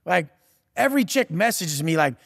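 A man's voice: fairly high pitch, big pitch swings, moderate pace, vocal fry, breathy edge, dry recording, studio quality, big-room sound. A man giving a profane, aggressive motivational rant as a podcast guest, taunting and blunt.

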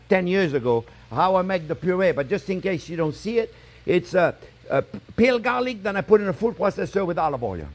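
A middle-aged man with a notably high voice walks through a recipe as a chef, step by step. He chats and jokes as he cooks, constantly checking in with a quick "okay?" or "eh?". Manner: chatty and joking, keeps checking in with "okay?" and "eh?". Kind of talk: cooking demonstration.

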